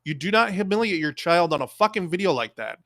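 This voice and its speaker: A man's voice: high-pitched, animated, a little fast, fairly bright tone, no room sound, clean studio sound. A man ranting on a live stream, angry and profane, scolding his audience.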